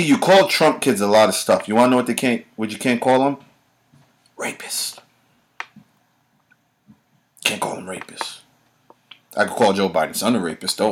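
A man's voice: lowish voice, a bit bright. A man, hosting his own show and delivering a heated, profane monologue straight at the listener. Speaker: show host.

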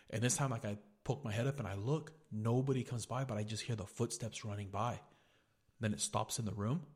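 Fairly low and a bit breathy, the voice belongs to a young man hosting a podcast. He's relaxed and foul-mouthed as he tells a story, with "dude" coming up again and again.

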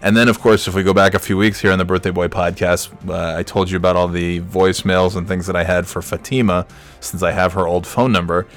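A podcast host in his forties tells a rambling, casual story, often chuckling at himself, with soft music playing in the background. His voice sits low, and his tone is steady and his pace brisk.

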